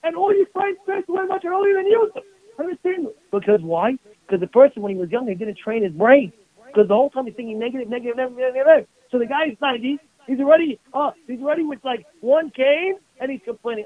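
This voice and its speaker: A man's voice: very high-pitched, quick pace. A rabbi giving a passionate sermon, mixing Hebrew terms into his preaching. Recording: tinny phone-like radio broadcast.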